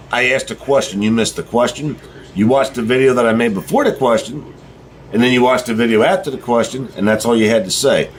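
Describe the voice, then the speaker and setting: A man's voice: mid-range voice, a little fast. A middle-aged man with a drawl delivering a blunt, profane ranting monologue to his viewers. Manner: blunt, heated, swearing freely. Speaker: vlogger.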